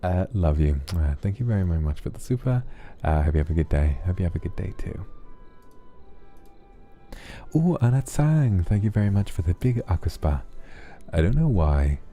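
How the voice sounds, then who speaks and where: Very deep, dark-voiced man reading messages softly. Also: normal speed, faint music behind. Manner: soft, affectionate, relaxed. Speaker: streamer reading viewer donations. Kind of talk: sleepy ASMR donation reading.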